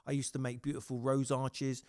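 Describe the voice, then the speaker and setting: A man's voice: medium pitch, brisk, no echo, studio quality. A man hosting a casual chat, telling swear-laden stories with acted-out quotes. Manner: swears freely, animated storytelling with acted quotes. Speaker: podcast host.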